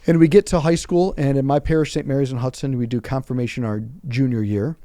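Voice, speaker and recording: Fast-talking man with a dark voice. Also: medium pitch, no room sound. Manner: animated, self-deprecating, acts out quotes. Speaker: priest, podcast guest. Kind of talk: casual storytelling conversation.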